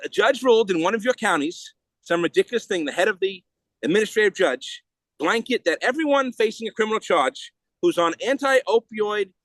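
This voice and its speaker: A man speaking as a podcast guest in a heated, rapid way, often restarting and repeating words. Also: high-pitched, a bit bright, no echo. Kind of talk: casual interview talk.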